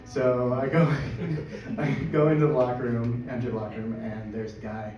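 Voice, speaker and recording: Excitable man telling a story in an echoey room. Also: mid-range voice, moderate pace. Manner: excitable, laughs through his story. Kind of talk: live personal storytelling. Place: storytelling event venue. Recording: echoey, distant, dull live recording with noise.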